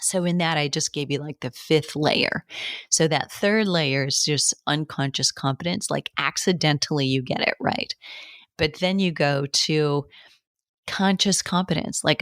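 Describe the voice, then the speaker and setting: Low-voiced woman giving casual coaching talk. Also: unhurried, no echo, clean studio sound. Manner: conversational, with restarts and short laughs. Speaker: fitness business coach and podcast host. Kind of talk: casual advice monologue.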